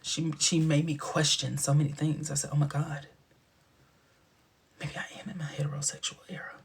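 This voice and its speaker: A man hosting a casual livestream, gossiping in a sassy way and often dropping into a whisper. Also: fairly high pitch. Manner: sassy, gossipy retelling with sudden dips into whispers. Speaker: livestream host.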